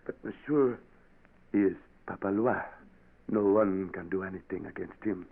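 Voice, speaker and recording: A man's voice: low voice, moderate pace, creaky. An actor playing a ruthless male governor and former rebel chief, commanding and impatient, dropping French words into his lines, in a 1940s radio drama. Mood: boastful. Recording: tinny old radio broadcast.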